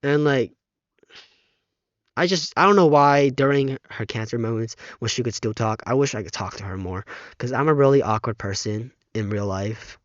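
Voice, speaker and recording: A teenage boy talking haltingly in a casual vlog, close to tears, with many fillers and restarts, on a dull, muffled microphone. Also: mid-range voice, no room sound. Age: teens. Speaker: vlogger.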